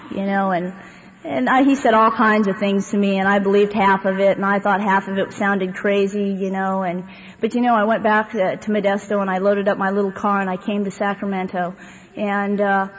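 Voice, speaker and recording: A woman speaks briskly to a live recovery-meeting audience in a mid-range voice with little pitch movement. Her personal testimony rambles in a conversational way, laced with fillers and wry humor. The recording, made in a hall, sounds dull and echoey with faint hiss.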